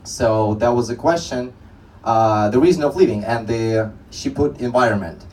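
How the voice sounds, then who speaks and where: A man's voice: mid-range voice, moderate pace, darkish tone, distant mic, low-quality recording. A young man doing a stand-up comedy set on a club stage, telling rambling stories with many restarts.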